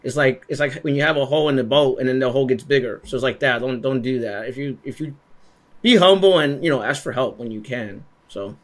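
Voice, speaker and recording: A man's voice: medium pitch, brisk. A young adult man asking questions in a casual conversation, often repeating and restarting his words. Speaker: interviewer.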